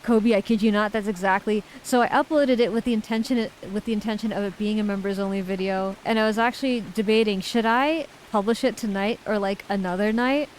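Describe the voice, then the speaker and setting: A woman's voice: mid-range voice, steady tone, a little fast, hardly any pauses, a little hiss or hum, rough recording. A woman streamer in casual chat, reading viewer messages aloud and giggling often.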